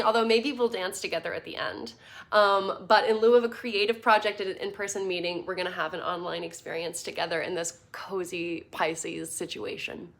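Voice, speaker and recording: A woman's voice: medium pitch, a bit bright. A woman giving a casual online class over slides, chatty and playful, with fillers and little laughs. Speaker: course teacher.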